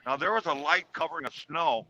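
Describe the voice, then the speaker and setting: A man's voice: on the high side, fairly quick, sharp tone, dull audio, a little hiss or hum. A man casually telling a personal story in a chat, rambling with fillers and restarts.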